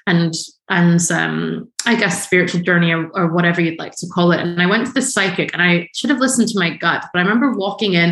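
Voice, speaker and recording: A woman, a guest on an interview show, telling a personal story in an earnest, animated way with frequent restarts. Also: on the low side. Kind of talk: casual conversational storytelling. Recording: echoey room.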